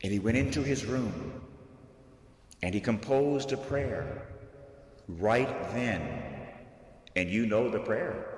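A man, a Catholic priest, preaching a sermon to a live audience, telling the story slowly and deliberately and raising his voice for emphasis. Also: on the low side, darkish tone. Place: large church hall, live audience. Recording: echoey hall, long reverb.

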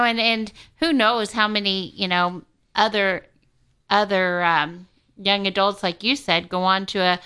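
A woman's voice: medium pitch, sharp tone, clear, resonant tone. A woman hosting a radio talk show, affirming and enthusiastic with her guest. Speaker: host.

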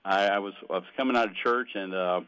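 An older man with a slightly low voice speaks casually on live radio. He talks in a halting, earnest way and often stumbles and repeats words as he gives his thanks. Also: a bit bright, clear, resonant tone, no echo, rough recording. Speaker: radio guest. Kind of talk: casual chat.

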